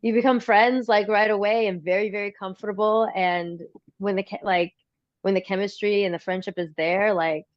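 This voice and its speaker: A woman's voice: medium pitch, fairly even intonation, normal speed, dry recording. A woman rambling through a casual podcast chat, looping back with "like" and restarting her sentences. The mic sounds dry and a little dull. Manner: rambling, lots of likes and restarts. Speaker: guest, film fan who acts.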